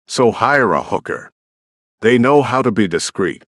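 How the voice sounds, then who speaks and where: A cold, distrustful hacker, as an audiobook narrator puts him on, clipped and dismissive, with a low voice that rises and falls in lively swings. The recording is close and dry. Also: male voice, a little slow, no echo, heavily acted. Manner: curt, dismissive, accusing. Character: paranoid, suspicious male hacker partner, cold and disapproving.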